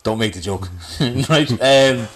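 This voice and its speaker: A man's voice: medium pitch, slow. A man co-hosting a podcast, teasing his friend and laughing in casual comedic chat. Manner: playful, teasing, laughs often. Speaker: podcast co-host.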